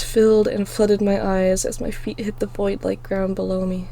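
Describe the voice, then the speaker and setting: A woman reading her own story aloud in the first person, with expressive, emotional delivery. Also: medium pitch, moderate pace, few pauses.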